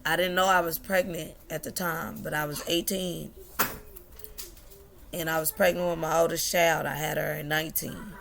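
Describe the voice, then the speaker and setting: A woman's voice: low voice, little pitch movement, moderate pace, gravelly, fairly bright tone, a little hiss or hum. A young woman telling a personal story to the camera, emotional and laughing, at times tearful. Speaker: vlogger.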